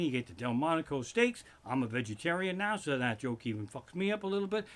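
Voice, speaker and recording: A man doing a profane stand-up routine from his living room, ranting in loud swearing bursts. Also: a little high, very animated, quick pace. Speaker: stand-up comedian.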